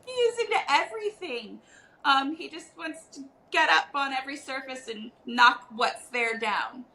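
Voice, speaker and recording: A woman's voice: sits high, lively intonation, moderate pace, a little hiss or hum, low-quality recording. A woman guest potter in a casual video-call chat, talking with frequent ums and easy laughs. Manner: warm, hesitant with many ums.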